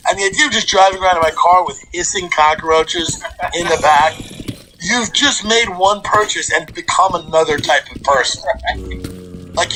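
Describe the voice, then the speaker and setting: A man's voice: high-pitched, rough recording. A man hosting a casual chat, telling funny stories and acting out the people in them. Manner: animated comic storyteller, acts out quotes.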